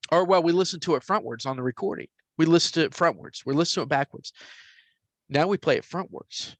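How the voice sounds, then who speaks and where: A man in his forties casually telling a story, getting animated and hushing into whispers for quoted voices. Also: on the high side, no room sound. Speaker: podcast host telling a story.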